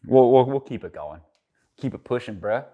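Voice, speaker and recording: A man's voice: mid-range voice, lively intonation, moderate pace, phone-quality sound. Rambling, swearing man vlogging. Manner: joking, profane, rambling. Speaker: car vlogger. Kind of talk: casual vlog talk.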